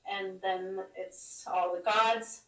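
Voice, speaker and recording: A woman solemnly reading a spiritual scroll aloud, intoning slowly and flatly. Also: mid-range voice. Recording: echoey room, far from the mic.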